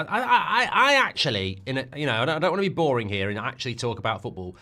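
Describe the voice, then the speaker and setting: During a live football watchalong, the middle-aged host talks in a medium-pitched voice. He rambles with excitement and keeps repeating and restarting what he says.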